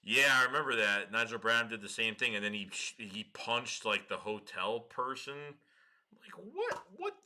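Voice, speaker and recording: A man hosting a casual livestream, slangy and excitable, swearing and laughing often. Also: fairly low pitch, normal speed, few pauses. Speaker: livestream host.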